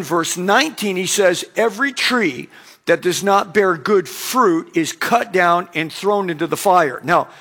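A pastor delivers a sermon in a relaxed, conversational way, often slipping into quick acted-out exchanges. His voice sits fairly high for a man. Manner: conversational preaching with acted-out anecdotes.

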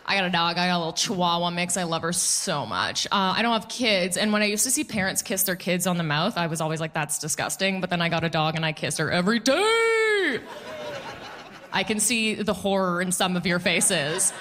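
A woman performing a stand-up comedy set before a live audience, quick and playful, mocking the people she quotes. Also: fairly low pitch, sing-song, a bit bright.

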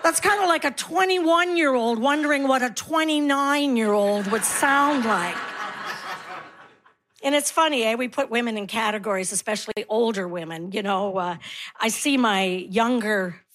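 A woman's voice: on the high side, moderate pace, a bit bright, a little hiss or hum. A woman in her sixties doing a stand-up comedy set on stage, with a dry, self-mocking delivery. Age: 60s. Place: live comedy stage before an audience.

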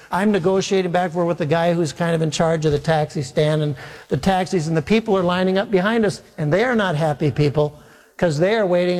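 Storytelling pastor in a reverberant hall. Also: male voice, sits high. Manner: humorous, self-deprecating storyteller with lively acted quotes. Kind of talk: sermon storytelling.

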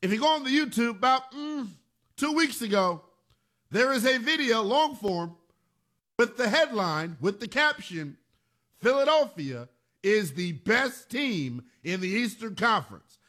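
A sports radio host talks in a high, bright register that swings widely as he drives home each point. He is emphatic and animated, and he leans on repeated phrases for punch. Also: a little slow. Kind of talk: sports talk radio monologue.

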